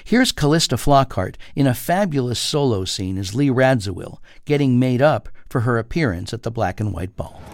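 A man reviewing a television drama for a radio show, measured and enthusiastic. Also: mid-range voice, lively intonation, dry recording. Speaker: TV critic. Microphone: studio mic.

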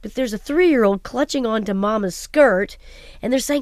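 A voice actress being interviewed, telling stories in an animated way and laughing often. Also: female voice, fairly high pitch, normal speed, no echo, studio quality. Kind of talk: casual interview talk.

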